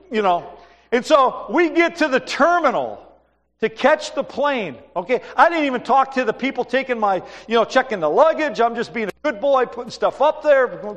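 A man preaching in a church sanctuary, his voice ringing out in a long hall reverb. He has a high pitch and tells stories with animation, acting out the voices of the people in them. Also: lively intonation, moderate pace, fairly bright tone. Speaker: pastor. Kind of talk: sermon.

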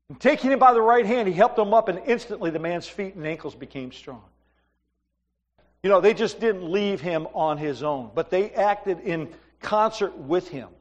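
A middle-aged man preaching a sermon as a pastor, telling stories in a conversational, animated way with asides to the congregation. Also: sits high. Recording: long hall reverb.

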